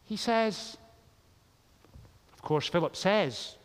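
Man preaching in a big echoey church, kinda high voice, tells it like a story and does the characters. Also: lively intonation, unhurried. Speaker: pastor. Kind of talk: sermon. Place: large church. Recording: long church reverb.

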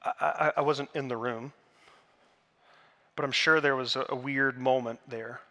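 A man preaching a sermon in a church, earnest, building to emphatic peaks and dropping to hushed tones. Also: mid-range voice, fairly even intonation, measured pace. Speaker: pastor. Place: church sanctuary.

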